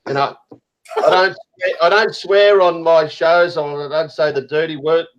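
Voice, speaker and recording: A man's voice: fairly high pitch, steady tone, unhurried, dull audio. A man hosting a casual online group chat, ranting heatedly and swearing often. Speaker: host.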